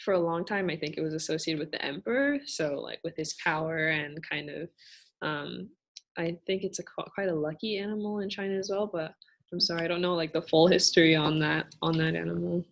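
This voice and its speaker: A young woman with a fairly low voice answers questions in a relaxed Q&A. She talks thoughtfully and patiently, pausing often and hedging as she explains. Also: gravelly. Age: young adult. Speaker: student cultural navigator. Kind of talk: casual Q&A answers.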